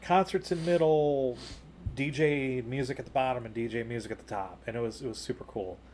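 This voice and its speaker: A man co-hosting a podcast, telling a long personal story in casual chat, full of "you know" and "like", rising higher and louder at the exciting parts. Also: fairly quick, slight background noise. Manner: jumps higher and louder when retelling excited moments. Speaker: podcast co-host.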